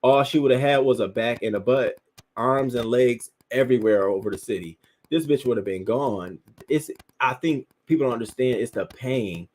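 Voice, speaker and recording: A man's voice: mid-range voice, moderate pace, a little mellow. A man hosting a commentary show, reacting to news stories with emphatic, profane outrage.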